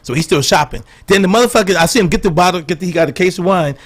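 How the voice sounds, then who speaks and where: A middle-aged man with a high voice tells stories at a quick clip. He acts out the people he quotes with plenty of energy. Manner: animated storyteller, acts out quotes. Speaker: comedian guest. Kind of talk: storytelling banter.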